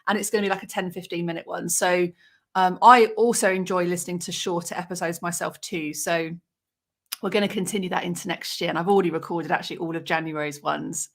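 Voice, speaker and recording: A woman's voice: fairly low pitch, steady tone, fast talker. A woman in her forties chats through a casual livestream. She greets her viewers by name and talks in an easy, emotional, unscripted way. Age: 40s. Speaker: author hosting a livestream.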